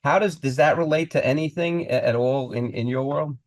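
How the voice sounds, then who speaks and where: A man's voice: fairly high pitch, fairly quick, no room sound, studio quality. A man hosting a podcast, explaining his ideas earnestly, stumbling over and repeating words, with small chuckles mid-sentence. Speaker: podcast host. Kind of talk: conversational interview.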